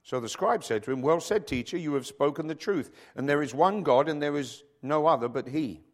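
A middle-aged male pastor preaching a sermon, reading scripture and telling jokey stories with loud acted quotes. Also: on the high side, brisk. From rugby-playing country, emigrated to Africa.

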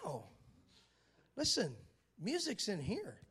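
High-voiced, animated male preacher. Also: slow pace, breathy edge. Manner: animated, dramatic storyteller who asks the crowd for agreement; repeats phrases for emphasis. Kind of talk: sermon with a retold film story.

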